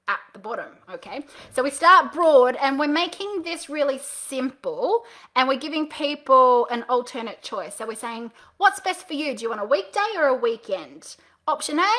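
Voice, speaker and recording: A woman with a high, ringing voice coaches direct sellers over a live stream. She is upbeat and playful, acting out booking calls with her viewers. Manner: upbeat, animated coaching with playful role-play. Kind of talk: live-streamed sales training.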